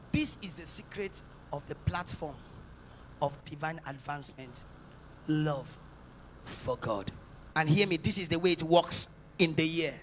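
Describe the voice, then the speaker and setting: A man from Nigeria, a pastor preaching a sermon at a church service, swinging between loud exhortations and soft urgent passages, with faint music behind. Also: a little high, slight background noise.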